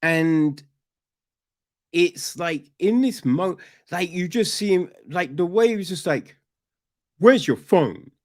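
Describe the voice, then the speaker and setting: A man's voice: high-pitched, takes it slowly. A man chatting casually about a film on a podcast, rambling with restarts and asking "right?" often. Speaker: podcast host, film reviewer. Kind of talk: casual chat.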